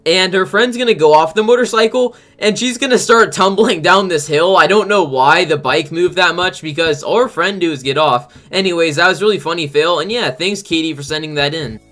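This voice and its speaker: High-voiced man rambling over game clips. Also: a little fast, hardly any pauses, sharp tone. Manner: rambling, heavy use of "like". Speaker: gaming channel host. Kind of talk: casual gameplay countdown commentary.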